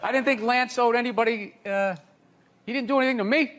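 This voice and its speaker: A man chatting in an interview, joking and ranting in an animated way. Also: very high voice, fast talker, very noisy. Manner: joking, profane, animated rant. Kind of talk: casual interview chat.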